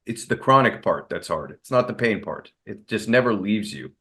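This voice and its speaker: Interview guest: man, low voice, candid, loose rambling delivery. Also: animated, moderate pace, a bit bright. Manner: candid, rambling with fillers and restarts. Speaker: guest, martial arts expert. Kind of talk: casual interview storytelling.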